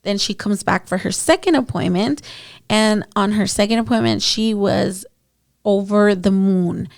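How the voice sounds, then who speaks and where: A woman's voice: mid-range voice, a little slow, gravelly, dry recording, studio quality. A woman esthetician hosting her podcast, telling client stories in a chatty, casual way with lots of fillers, speaking into a podcast mic. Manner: chatty, many fillers, addresses listeners as guys. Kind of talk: casual storytelling monologue.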